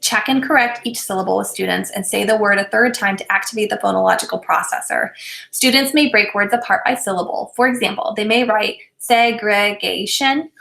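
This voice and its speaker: A woman presenting a recorded teacher training lesson, speaking in a clear, deliberate, instructional way. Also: medium pitch, pushed and bright, roomy sound. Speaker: literacy presenter.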